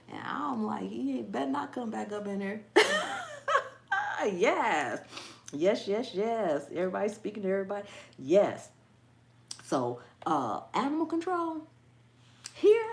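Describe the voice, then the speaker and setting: An animated woman hosts a casual livestream, her pitch swinging widely as she chats. She greets viewers from the chat as she goes. Her voice rings a little in an echoey room. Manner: animated, chatty, reads out and greets live chat. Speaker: gardening channel host.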